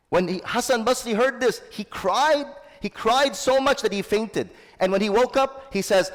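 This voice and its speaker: A man with a high voice preaches a sermon, reciting Arabic and then translating it line by line. He often calls his listeners brothers and sisters. His voice rings with the long reverb of a big hall. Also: animated, moderate pace, hardly any pauses. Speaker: Islamic teacher.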